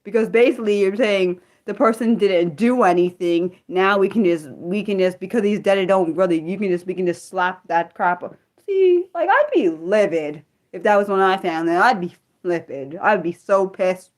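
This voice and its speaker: A woman's voice: mid-range voice, moderate pace, hardly any pauses. Fired-up woman venting on a livestream. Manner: heated, swings between fired-up and muttered; swears freely, lots of restarts. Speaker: livestream host. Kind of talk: unscripted livestream chat.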